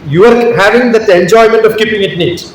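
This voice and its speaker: A man's voice: high voice, fairly quick, distant mic, slight background noise. Man lecturing in a very echoey hall. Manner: rhetorical, keeps asking the audience questions. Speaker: speaker at a teachers' workshop. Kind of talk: motivational talk to an audience.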